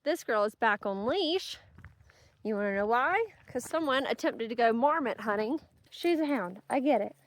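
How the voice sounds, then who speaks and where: A woman's voice: a little high, expressive, moderate pace. A young woman narrating her hiking vlog outdoors on a mountain trail, chatting upbeat to viewers and her dog. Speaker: vlogger.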